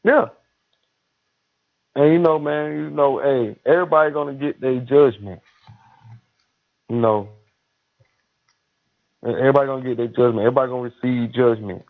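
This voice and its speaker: A preachy man leans into his words and stretches out each exhortation. His voice sits at an ordinary middle pitch. It comes through narrow and tinny, like a phone line. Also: fairly even intonation, vocal fry. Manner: preachy and emphatic, drawn-out exhortations. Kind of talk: casual religious chat.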